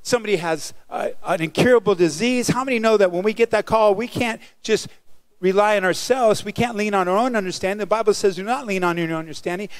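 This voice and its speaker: A male pastor preaching a sermon, animated and calling out to the congregation for responses. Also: sits high, quick pace, clear, resonant tone, no echo.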